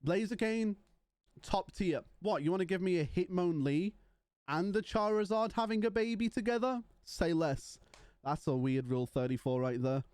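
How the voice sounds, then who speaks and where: A man's voice: sits high, expressive, moderate pace, darkish tone, smooth, no echo. A young man streaming live, chatting casually and joking with his viewers. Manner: playful, joking banter with chat.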